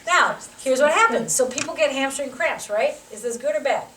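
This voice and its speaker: A woman, a physical therapy instructor, teaching a live demonstration and coaching a volunteer through an exercise with quick cues and encouragement. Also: high-pitched, lively intonation, fairly bright tone, a little hiss or hum. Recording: roomy sound from a distant mic.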